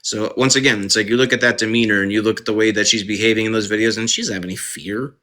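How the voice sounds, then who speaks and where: Male live-streamer with a bright voice, ranting indignantly about a case into his phone. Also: on the low side, steady tone, fast talker. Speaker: true crime live streamer. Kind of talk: casual live-stream commentary.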